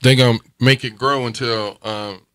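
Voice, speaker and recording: A man's voice: mid-range voice, fairly even intonation, moderate pace, sharp tone, clear, resonant tone, dry recording, studio quality. Man chiming in on talk radio. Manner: backs up the host with short chiming-in remarks. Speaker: radio co-host.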